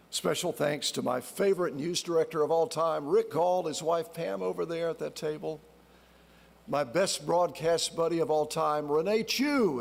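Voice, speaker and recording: A retired broadcaster in his sixties gives a warm, heartfelt acceptance speech from a podium. His voice has a gravelly edge. The sound carries a long reverb from the large hall. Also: on the high side. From North Carolina. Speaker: award recipient, retired TV broadcaster.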